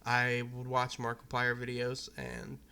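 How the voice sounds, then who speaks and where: Flat-toned, bright-voiced young man vlogging. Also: medium pitch, measured pace, creaky, smooth. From Arizona, USA. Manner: candid, loose, profane, rambling. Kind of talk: casual personal talk to camera.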